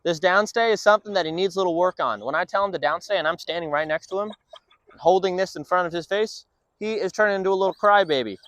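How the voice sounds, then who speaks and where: A man's voice: high-pitched, fast talker, fairly bright tone, no room sound. A man working as a dog trainer, explaining his training session in an upbeat way between short firm commands to a dog.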